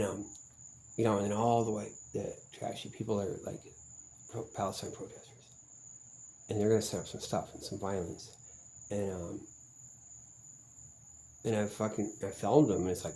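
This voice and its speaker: A man with a lowish, mellow voice talks in a meandering vlog monologue. He is profane and suspicious and keeps circling back with "um" and "like". Faint crickets chirp behind him. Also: a little hiss or hum, low-quality recording. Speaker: vlogger. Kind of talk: rambling monologue.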